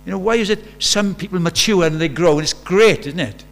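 A man's voice: high voice, fairly quick. Male preacher, conversational sermon. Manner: conversational, with rhetorical questions. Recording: faint mains hum.

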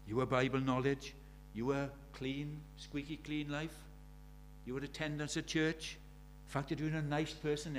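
Older male preacher, high-pitched, earnest sermon delivery with soft asides and fervent peaks. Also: a little hiss or hum. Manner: earnest, swinging between soft and emphatic, acts out quoted prayers.

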